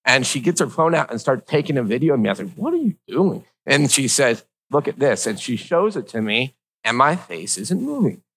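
A man's voice: mid-range voice, very animated, a little fast, fairly bright tone, poor audio. A middle-aged man with slightly slurred speech, telling a personal story in a casual, joking, rambling way.

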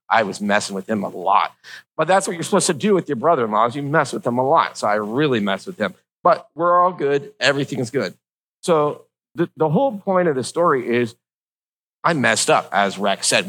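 A man's voice: medium pitch, sharp tone, rough recording. A middle-aged man with slightly slurred speech, telling a personal story in a casual, joking, rambling way.

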